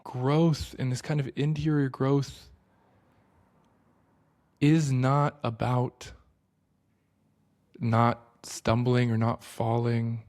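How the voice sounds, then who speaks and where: A man in his thirties hosting a book study, speaking in an earnest, reflective way and slowing down to stress key points. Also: mid-range voice, level tone, darkish tone. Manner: casual fillers and restarts. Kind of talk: reflective spoken talk.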